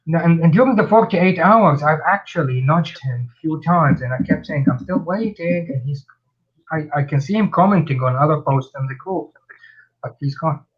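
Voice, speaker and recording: Stream host: blunt, animated talker, slightly higher voice, muffled online call sound. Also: male voice, a little fast, husky. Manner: blunt, animated storytelling with many restarts. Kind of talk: casual chat on a live stream.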